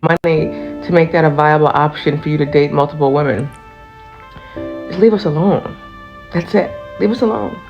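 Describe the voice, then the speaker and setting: A woman's voice: sits low, moderate pace. A woman giving a blunt, dismissive lecture to men about dating, in a social media video clip. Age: adult. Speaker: commentator. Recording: dull clip with music behind.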